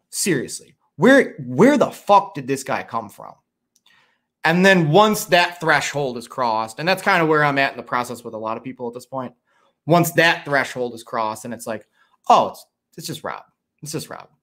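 A man's voice: on the high side, fairly bright tone. A man hosting a livestream in a casual, rambling way, reading out chat messages, swearing freely and poking fun at himself. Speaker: livestream host.

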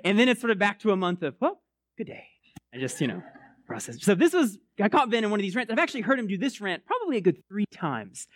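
A man preaching a casual, conversational sermon, rambling and restarting with many fillers, swooping up high to stress a point. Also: quick pace, dry recording, studio quality. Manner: animated, swoops up high for emphasis.

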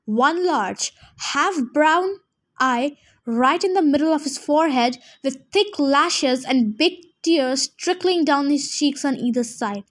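A woman reading a first-person storybook aloud with expressive, lively narration. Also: high-pitched, takes it slowly. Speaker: reader.

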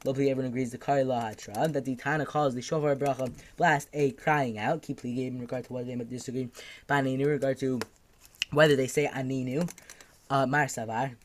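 A man leads a daf yomi Talmud class at a quick clip, his voice sitting in an ordinary middle register. He reads each Aramaic phrase aloud and then translates it into plain speech. Fillers and self-corrections run all through his talk. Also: medium pitch, steady tone, slight background noise. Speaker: Talmud teacher.

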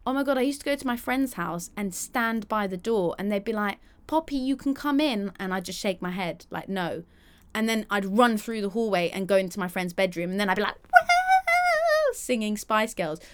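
A woman's voice: mid-range voice, brisk, hardly any pauses, slight background noise. A young woman hosting a solo podcast, chatty and candid, acting out quoted voices. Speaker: podcast host.

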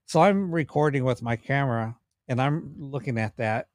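The speaker, a paranormal investigator who also works as a cameraman, tells animated, rambling stories with frequent restarts during a casual podcast interview. His voice is mid-range at normal speed, and the clean studio sound has no room sound.

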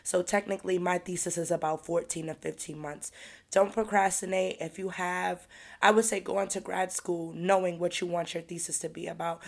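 A woman's voice: on the low side, flat delivery, normal speed, gravelly. A young woman in her twenties hosting her own podcast, talking candidly and chattily and swearing casually. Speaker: podcast host. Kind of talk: casual solo podcast chat.

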